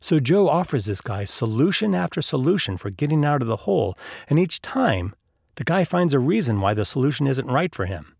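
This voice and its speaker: A man's voice: mid-range voice, sing-song, a little fast, creaky, a little mellow, no room sound, clean studio sound. A man narrating an audiobook chapter, telling a story and lifting his voice for the characters' lines. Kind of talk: audiobook narration with acted dialogue.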